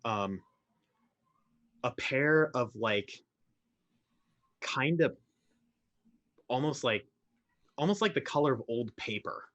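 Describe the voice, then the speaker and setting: A man playing a tabletop game, describing his character's actions in a relaxed, searching way. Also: mid-range voice, takes it slowly, pauses often, dull audio. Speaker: player.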